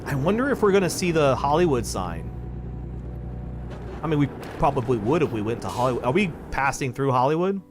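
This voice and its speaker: A man's voice: medium pitch, big pitch swings, fairly quick, background noise. Rambling, swearing man streaming a game. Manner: rambling, swears freely, thinks aloud. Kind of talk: casual live-stream chat while playing. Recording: clear music playing behind.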